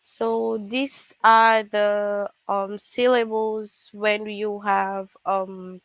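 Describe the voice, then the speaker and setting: A woman teaching an online English class, patient and repeating examples slowly. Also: medium pitch, little pitch movement, dry recording.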